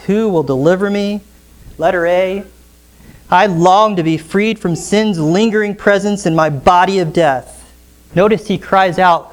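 A pastor preaching an expository sermon in church, often asking the congregation rhetorical questions. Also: medium pitch.

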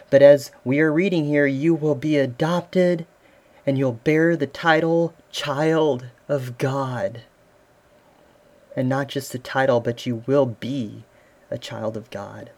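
A man, a father, preaching a sermon as pastor, earnest and asking the listeners questions. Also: fairly high pitch. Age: adult father.

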